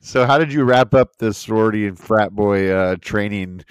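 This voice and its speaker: A man's voice: lowish voice, moderate pace, smooth, dry recording. A man co-hosting a podcast in casual chat, listening and laughing along. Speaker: podcast co-host.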